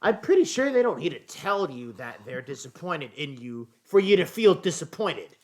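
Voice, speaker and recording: Lively young man, chatty and loose. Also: a little high, moderate pace. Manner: lively, filler-heavy, says "like" and "dude" a lot. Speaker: guest co-host. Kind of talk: casual chat.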